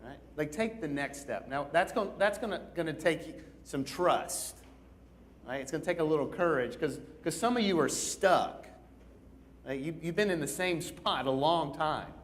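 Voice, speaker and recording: A man delivers a sermon in a church with a slightly high voice, talking to the room in a loose, conversational way. He acts out the stories as he reads them and keeps checking in with his listeners. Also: moderate pace, a little hiss or hum. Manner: conversational, repeats "right?" often; animated, acts out begging in a raised voice. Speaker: pastor. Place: church auditorium.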